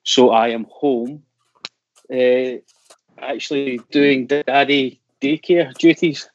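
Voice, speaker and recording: A man's voice: medium pitch, steady tone, slow, lo-fi sound. A man in his forties with a Glaswegian Scottish accent, a podcast guest who trades dry, joking banter and laughs often. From Glasgow, Scotland. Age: 40s. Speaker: guest, professional golf caddy. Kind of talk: casual podcast chat.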